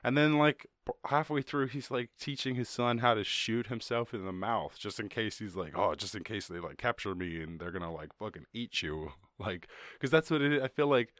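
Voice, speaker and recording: An Irish-accented podcast host talks in a lowish, fairly bright voice at a moderate pace, captured in studio quality with no room sound. Rambling and casual, he swears a lot and laughs at himself, mixing chat with freestyle rap.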